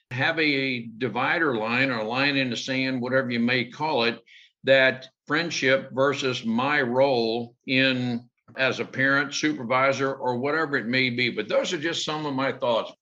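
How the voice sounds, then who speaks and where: A man with a bright, crisp voice talks as host of an interview. His phrasing is measured and thoughtful. The audio sounds somewhat dull and lo-fi. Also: mid-range voice. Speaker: podcast host. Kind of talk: interview conversation.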